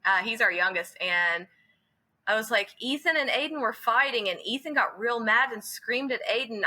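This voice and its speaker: A woman's voice: on the high side, animated, normal speed, sharp tone, poor audio. A middle-aged woman, a podcast guest, telling family anecdotes casually and laughing as she goes. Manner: storytelling, laughing. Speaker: guest, cabinet refinisher. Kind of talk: casual chat.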